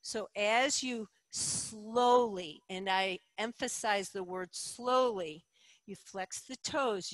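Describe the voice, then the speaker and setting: A middle-aged woman guides a yoga class with calm, encouraging cues. She speaks slowly and deliberately, and her voice sounds dry and close, with no room echo. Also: on the high side. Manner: calm, encouraging cueing with slow deliberate phrasing. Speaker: yoga instructor.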